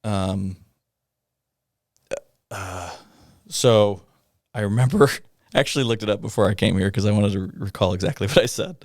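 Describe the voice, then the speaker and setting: A middle-aged man, a police officer guest, recounting a personal story in a halting way, with many pauses, fillers and rueful laughs. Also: lowish voice, a little mellow, dry recording, studio quality. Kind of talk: conversational storytelling in a podcast interview.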